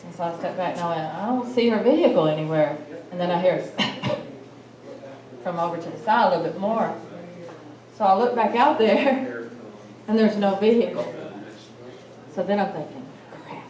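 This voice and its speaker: A woman speaks to a live audience, telling her story with lively acted-out quotes. Her voice rings through an echoey hall and sounds set back from the mic. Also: medium pitch, normal speed, long pauses, recorded from a distance. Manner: animated storyteller, acts out quoted lines. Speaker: symposium speaker. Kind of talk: telling a personal encounter story.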